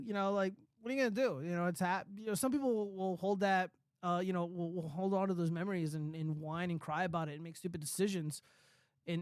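A man in his thirties hosts a casual commentary show in a notably high voice. He rambles, swears and fills gaps with ums and uhs. The sound is dry and close, with no room echo. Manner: rambling and profane, many fillers. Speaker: show host.

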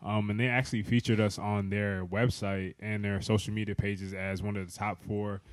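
A young man co-hosting a podcast, giving relaxed shout-outs in casual chat. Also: lowish voice, moderate pace, no room sound. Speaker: podcast co-host.

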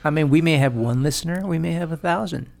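A man co-hosting a casual sports podcast, animated and laughing, swearing freely and stumbling through restarts. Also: on the high side, fast, vocal fry. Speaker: podcast co-host.

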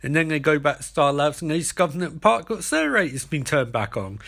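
A man's voice: a little high, very animated, fast, gravelly, a bit bright. Sarcastic, rambling man recapping a show. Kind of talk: comedic episode recap.

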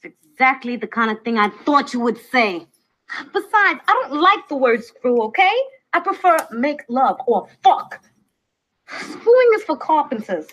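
An actress playing a brash, talkative young woman who lectures her boyfriend in a lively, assertive way. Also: high voice, normal speed, full character voice, poor audio. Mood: teasing. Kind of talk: film dialogue.

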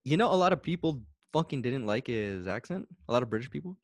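A man's voice: medium pitch, lively intonation, quick pace. A man co-hosting a podcast in casual chat, laid-back, swearing freely and trailing off with laughs. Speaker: podcast co-host.

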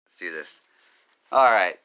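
A man's voice: low-pitched, expressive, measured pace, bright, forceful tone, faint music behind. A man hosting a podcast in a rambling, joking chat, swearing freely. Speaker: podcast host. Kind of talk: casual chat.

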